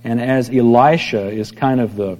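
A middle-aged pastor giving a conversational sermon, telling stories and acting out quoted voices. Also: male voice, mid-range voice, normal speed, warm tone. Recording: long hall reverb.

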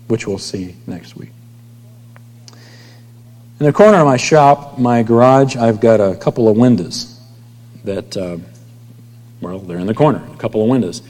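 A man's voice: mid-range voice, moderate pace, pauses often, darkish tone. A male pastor preaching a sermon in a conversational way, often trailing off to near whispers at the ends of lines. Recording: long hall reverb.

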